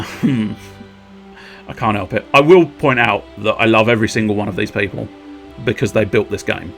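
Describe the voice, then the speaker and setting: A man streaming a video game, chatting playfully and joking to himself as he plays. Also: fairly low pitch. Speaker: gaming streamer. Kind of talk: casual live gameplay commentary.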